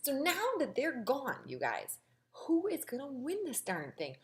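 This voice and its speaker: A woman hosting a casual, gossipy recap of a reality show, sassy and animated. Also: a little slow. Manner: animated, gossipy and sassy, with big pitch swings.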